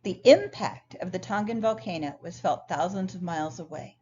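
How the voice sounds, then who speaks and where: Woman instructor, patient explainer, slide-lecture recording; a bit low, muffled mic. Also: moderate pace, a little mellow, breathy edge. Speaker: ESL instructor. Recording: dull lo-fi sound, faint noise.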